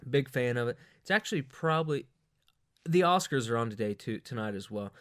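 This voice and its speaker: Crude foul-mouthed guy rambling thru a funny rant, dry close sound, middle pitch. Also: lively intonation, brisk, a bit bright, no echo. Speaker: host. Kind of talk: comic rant monologue.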